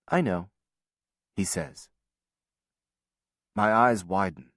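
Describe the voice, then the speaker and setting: A man reading a novel aloud as first-person audiobook narration, in a measured, quiet storytelling manner. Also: on the low side, dry recording, studio quality.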